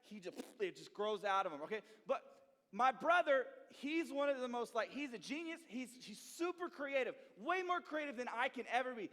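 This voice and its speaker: A young man who interns at a church, telling a story to a youth group in an animated way and often checking in with "okay?" and "right?". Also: very high voice, fairly quick, few pauses. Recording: long reverb in a hall.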